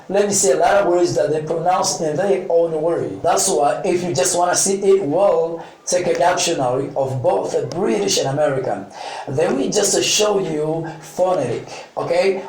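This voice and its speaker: A man's voice: fairly high pitch, a little mellow, far from the mic, a little hiss or hum. A man teaching an English lesson, going over each point twice in two languages and often checking with "okay?". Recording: echoey room, voice from off mic.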